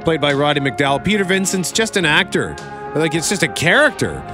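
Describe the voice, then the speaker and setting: A man's voice: fairly high pitch, very animated, a little fast, over music. Chatty man in his forties telling stories. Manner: chatty, storytelling, laughs often. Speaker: radio show host reviewing movies. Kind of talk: casual chat.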